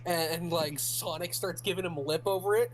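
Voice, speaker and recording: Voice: mid-range voice, fairly even intonation, moderate pace, over music. A podcast co-host, chatting casually, stammering a bit and laughing while recounting. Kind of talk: casual chat.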